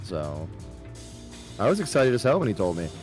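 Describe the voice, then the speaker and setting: A man's voice: lowish voice, big pitch swings, normal speed, a little mellow, faint music behind. A man chatting casually, telling a story with wry, teasing asides. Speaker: podcast guest. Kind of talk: casual chat.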